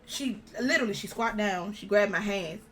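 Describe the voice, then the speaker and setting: A young woman, an interview guest, telling a personal story in casual conversation, animated and acting out the dialogue. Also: mid-range voice, moderate pace, soft background music. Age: young adult.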